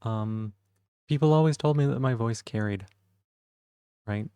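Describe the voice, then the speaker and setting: A man streaming live in casual chat, soft-spoken and rambling as he reads the chat aloud. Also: medium pitch, unhurried, smooth, no room sound.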